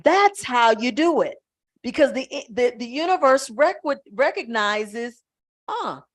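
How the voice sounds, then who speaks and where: A woman spiritual coach teaching on a live stream, talking in an emphatic, conversational way that gets loud at times. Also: a little high, animated, slow pace.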